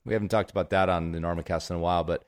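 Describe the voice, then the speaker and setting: A man with a very deep voice hosts a podcast in relaxed conversation. He speaks haltingly and often restarts his sentences. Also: crowd noise. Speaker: podcast host. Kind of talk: casual conversation.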